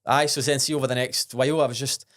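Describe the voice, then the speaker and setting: With a mid-range, slightly bright voice, a young Glaswegian man talks fast and flatly while telling a casual story on a podcast as a guest. Blunt yet earnest, he swears freely and keeps restarting sentences.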